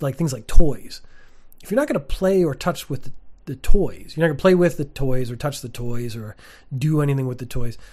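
A man's voice: mid-range voice, darkish tone. A man, giving a candid, opinionated casual monologue to camera from a sparse room, with frequent fillers. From Canada. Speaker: teacher and vlogger.

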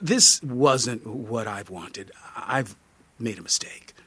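A withdrawn young tourist speaks in a soft, hushed voice, breathy and low in level, as a male narrator puts him on. The delivery is slow and subdued, recorded close and dry. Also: very animated, no echo, full character voice. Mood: let down. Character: young man, disappointed tourist, quiet and withdrawn.

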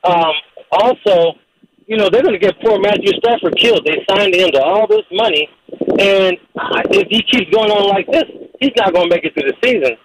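High-voiced opinionated radio caller. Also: male voice, moderate pace, crowd noise, low-quality recording. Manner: opinionated, rambling. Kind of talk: call-in radio.

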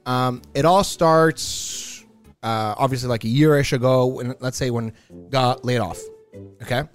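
A man's voice: mid-range voice, a little slow, soft background music. A man co-hosting a casual podcast, joking about himself and rambling as he talks. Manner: jokey, self-deprecating and rambling. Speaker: podcast co-host.

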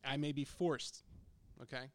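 A man's voice: mid-range voice, fairly even intonation, unhurried. A young man on a podcast telling a story in casual, blunt, profanity-laced chat, right up on the microphone. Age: young adult. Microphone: close studio microphone.

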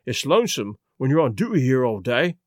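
A man's voice: mid-range voice, sing-song, fairly quick, dry recording, clean studio sound, pitched below the performer's own voice, natural voice. A man reading a story aloud and voicing a big, penitent police constable who rambles apologetically. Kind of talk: audiobook reading.

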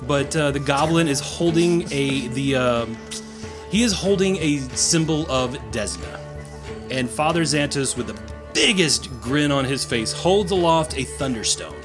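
A man running a tabletop game as game master, narrating in a lively, casual, playful way. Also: a little high, measured pace, over music.

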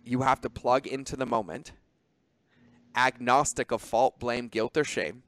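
Male podcast host, animated and profane, average pitch, dry close mic. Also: no room sound. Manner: animated, swearing, quick asides. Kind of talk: casual podcast conversation.

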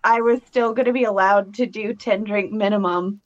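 A woman's voice: medium pitch, steady tone. Giggly woman on dull lo-fi audio. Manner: giggly, halting with fillers. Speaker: podcast co-host. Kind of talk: casual live podcast chat.

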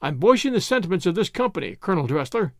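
A man's voice: sits high, very animated, fast, dry recording, studio quality. A man voicing an earnest Scottish minister who breaks off in surprise.

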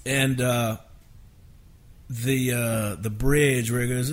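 A middle-aged man, a songwriter telling rambling, animated anecdotes in a casual interview. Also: mid-range voice, slow pace. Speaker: songwriter guest.

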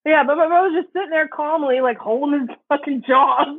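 A woman's voice: sits high, a little fast, dry recording, phone-quality sound. A young woman with a Southern American accent, casually chatting and telling stories as a podcast co-host, giggling often. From Southern United States. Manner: giggly, animated storyteller. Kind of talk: casual chat.

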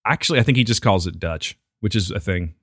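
Give me a chatty male co-host with a swooping, animated delivery. He jokes around and mimics other people's voices with a sardonic edge. The sound is dry and close to the mic. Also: deep voice, fast, dry recording. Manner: animated, puts on voices in mocking impressions. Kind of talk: casual banter.

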